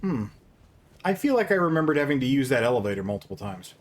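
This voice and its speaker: A man's voice: medium pitch, very animated, quick pace. A man watching a video game being played, giving wry, teasing commentary in a casual chat. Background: game music.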